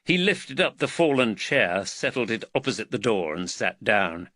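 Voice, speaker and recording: A man narrating an audiobook in an expressive, measured storytelling manner. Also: on the low side, no echo. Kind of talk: scripted narration.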